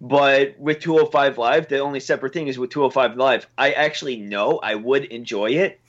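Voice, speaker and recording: A man's voice: medium pitch, a little fast. A man co-hosting a casual podcast, speaking hesitantly and restarting his sentences. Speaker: podcast co-host. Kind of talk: casual chat. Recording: slightly dull lo-fi sound.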